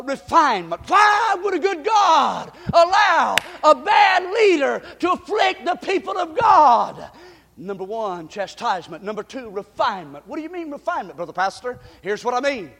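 A male pastor delivers a fiery sermon in a strikingly high voice. He builds his points into shouted, rhythmic refrains and counts them off one by one. His voice rings out with the long reverb of a large church.

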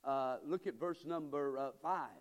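A man preaching a sermon as pastor, swinging between calm teaching and sudden loud, emphatic bursts. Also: a little high, measured pace, in a large hall. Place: church sanctuary.

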